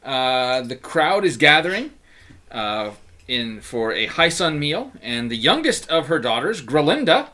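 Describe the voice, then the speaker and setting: A man running a tabletop game, narrating the scene and chatting between moves. His pitch swings widely and his tone is bright, broken up by fillers and laughter. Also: very animated, unhurried. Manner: laughs often, lots of fillers. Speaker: game master.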